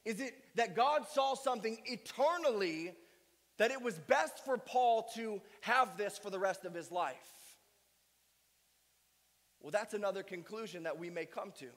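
A man's voice: high-pitched, unhurried, fairly bright tone, big-room sound. A male pastor preaching a sermon with emphatic delivery and strings of rhetorical questions. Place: church sanctuary.

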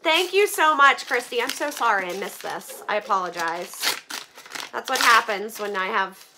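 A woman's voice: on the high side, animated, normal speed, background noise. A woman vlogging as she opens donations, chatty with many fillers and near tears with gratitude. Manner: emotional, near tears, laughing through it. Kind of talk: casual vlog chat.

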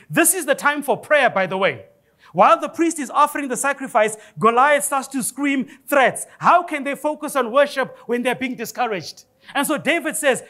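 Male pastor, very high voice, lively and joking from the pulpit. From Africa. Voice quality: high-pitched voice. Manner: animated preaching with rising exclamations and humor. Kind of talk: sermon. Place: church.

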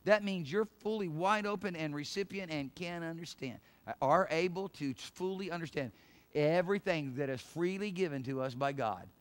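A middle-aged male pastor giving a sermon in an emphatic, conversational way, with laughs and quick asides. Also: a little high.

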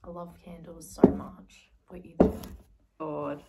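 A young woman vlogging as she unboxes a gift, gushing and excitable, swinging between squeals and soft murmurs. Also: fairly low pitch, slow, vocal fry. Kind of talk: casual vlog, unboxing a gift. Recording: slightly distant mic with faint noise.

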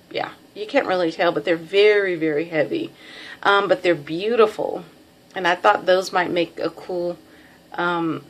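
A middle-aged woman with a Texan drawl casually showing off a craft package, chatty and self-deprecating, with lots of ums. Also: lowish voice. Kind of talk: casual show-and-tell.

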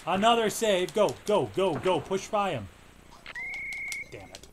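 A young man giving casual play-by-play commentary on a hockey video game, muttering between plays and yelling when the action heats up. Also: sits high, expressive, normal speed, noisy background. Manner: swings from muttering to shouting at big plays. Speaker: let's play host.

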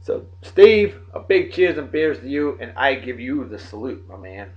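A man's voice: mid-range voice, very animated, normal speed. Jokey man with a dull lo-fi sound. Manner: rambling, jokey, talks straight to friends. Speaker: host of a daily beer and song show. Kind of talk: casual birthday shout-outs to viewers. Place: home in Texas.

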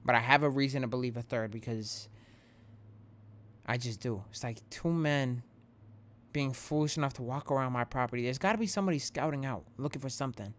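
A young man who hosts a gaming channel vents directly to his viewers in a casual, rambling way, sounding rattled and shaken yet earnest. His voice is mid-range, and he speaks fairly quickly.

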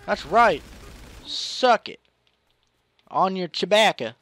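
A man's voice: high voice, expressive, slow, a bit bright, a little hiss or hum. A young man casually commenting on a multiplayer game with friends, joking and crude. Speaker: gaming channel host.

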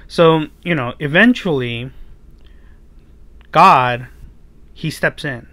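A man's voice: on the high side, slow pace, pushed and bright, dry recording. A man preaching to children, retelling the story casually with many fillers and asking his listeners rhetorical questions. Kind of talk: storytelling sermon for kids.

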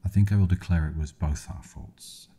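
A man's voice: low voice, normal speed, warm tone, close to an everyday voice. A man voicing a bitter, cruel young man who speaks harshly and swears, in a whispered role-play.

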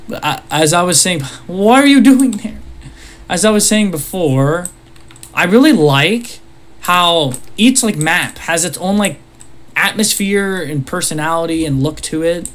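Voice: mid-range voice, expressive, measured pace, a bit bright. A gamer giving let's-play commentary on a horror game, jumpy and easily startled, with nervous laughs and sudden exclamations.

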